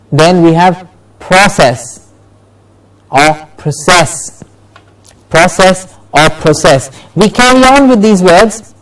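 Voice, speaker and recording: A male pronunciation teacher leads a class, modelling words slowly and carefully for students to repeat. His voice sits a little high, his pace unhurried and drawn out, and he's picked up from far away from the microphone.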